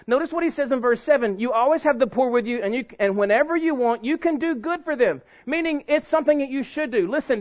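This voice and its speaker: Male pastor, very high voice, preaches with loud bursts and quiet lows; muffled lo-fi sound. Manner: preaching with sharp swings between loud emphasis and hushed low delivery. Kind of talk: sermon. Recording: dull lo-fi sound.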